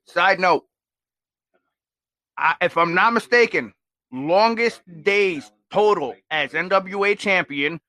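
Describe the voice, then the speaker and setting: Guy hosting a watch-along, kinda high voice, bright and punchy, rambles a lot, dry close sound. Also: slow pace, long pauses, no room sound. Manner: chatty, rambling, excitable with frequent fillers. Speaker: podcast host. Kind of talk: casual watch-along commentary.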